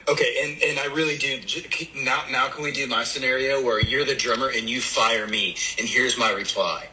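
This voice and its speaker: A man co-hosting a podcast, joking and playing along in relaxed, casual chat. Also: mid-range voice, normal speed, slight background noise, rough recording. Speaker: podcast co-host.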